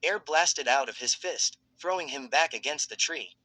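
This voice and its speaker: A man narrating a fan fiction story in a steady, dramatic storytelling manner. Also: fairly high pitch, normal speed, no echo, rough recording.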